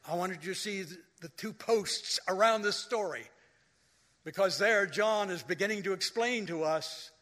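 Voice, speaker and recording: A man with a high, bright voice preaches a sermon in a church sanctuary, taking his time over each phrase. He tells stories and then swells into loud, dramatic quoted lines. His voice rings out with a long reverb from the hall around him. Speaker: pastor.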